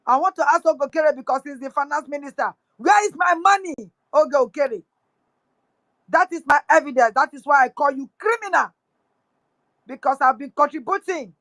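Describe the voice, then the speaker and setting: A woman's voice: high-pitched, brisk, fairly bright tone, no room sound, rough recording. A woman with a Nigerian accent mixing in pidgin, angrily accusing someone in a live audio room. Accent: Nigerian English with pidgin. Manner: angry, accusing, repetitive. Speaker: speaker on a live audio space.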